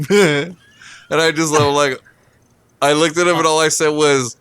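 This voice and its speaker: A man's voice: a little high, fairly even intonation, measured pace, a bit bright, clean tone, dry recording. Profane, laughing male podcast co-host. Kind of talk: casual drinking-show chat.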